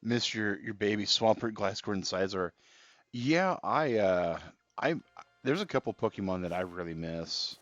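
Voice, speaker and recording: A man streaming a video game and chatting casually with viewers, relaxed and rambling, with many fillers and restarts. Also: fairly low pitch, normal speed, no room sound. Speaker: gaming livestreamer. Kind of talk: casual live-stream chat while playing. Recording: slightly dull stream audio with faint game music.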